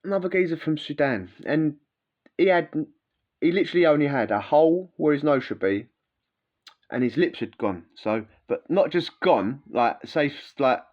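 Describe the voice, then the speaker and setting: A man with a somewhat high, animated voice speaks at normal speed over dull audio. He's a vlogger recounting prison life, telling casual stories in a rambling, slangy style packed with fillers and asides.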